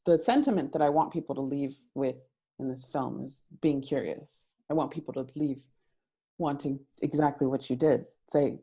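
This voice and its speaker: Woman, filmmaker, panel talk, low voice, mellow tone, rambling with fillers. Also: normal speed, slightly rough. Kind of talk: virtual panel discussion.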